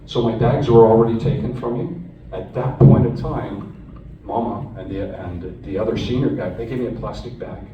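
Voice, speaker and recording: A low-voiced man from Canada tells his personal story to a hall audience, earnest and conversational, often restarting his sentences. He is heard from a distance on a phone held out in the crowd. The room rings with echo and there is steady background noise. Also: normal speed, lo-fi sound. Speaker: speaker recounting his captivity to an audience. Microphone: phone recording from the audience.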